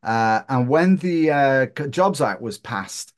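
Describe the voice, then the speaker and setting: Northern English man in his sixties, interview guest, dry self-mocking humour, mid pitch. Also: animated, takes it slowly. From Northern England. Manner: joking, self-deprecating storyteller. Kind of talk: casual interview chat.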